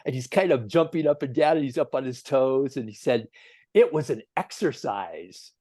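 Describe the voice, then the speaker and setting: A man giving a gentle, earnest sermon as a minister, telling stories at an easy pace with emphatic swells. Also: medium pitch, a little fast, no echo, studio quality. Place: church sanctuary.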